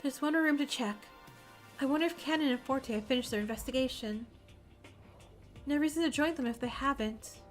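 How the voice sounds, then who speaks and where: Brief: woman streamer narrating a visual novel, casual read with slips, high voice. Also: fairly quick, pauses often, soft background music. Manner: reads narration with small slips and self-corrections. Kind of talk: reading a visual novel aloud on a live stream.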